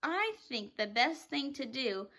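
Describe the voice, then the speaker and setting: A woman's voice: high-pitched, big pitch swings, a little slow, pushed and bright, full character voice. A woman reading as a hesitant young boy. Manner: hesitant, questioning. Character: young boy, thoughtful then startled.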